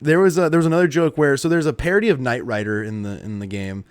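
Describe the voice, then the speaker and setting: A man's voice: medium pitch, fairly even intonation, fast talker, no echo. Ranting foul-mouthed man. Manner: profane, ranting. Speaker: podcast co-host. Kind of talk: casual podcast chat.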